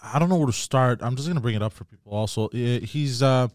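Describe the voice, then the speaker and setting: A man's voice: medium pitch, quick pace, a little mellow, no echo, clean studio sound. A man in casual podcast banter who explains things hesitantly, with many ums and restarts.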